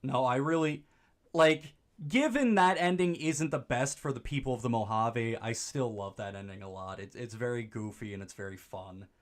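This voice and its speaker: A young man giving goofy, rambling let's play commentary, breaking into excited high-pitched exclamations. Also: normal speed. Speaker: streamer.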